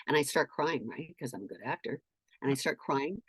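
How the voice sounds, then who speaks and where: A middle-aged woman in casual storytelling chat, animated and profane, acting out shouted quotes. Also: very deep voice, a little fast, slightly rough, dry recording.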